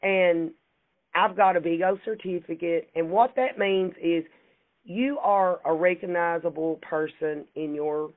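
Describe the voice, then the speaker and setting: A woman's voice: on the low side, steady tone, a little slow. A woman with a Kentucky accent, a guest chatting in a folksy, laughing way about her work. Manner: warm, folksy, laughs often. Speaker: insurance agency CEO, guest. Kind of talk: casual interview chat. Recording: tinny phone-like call audio.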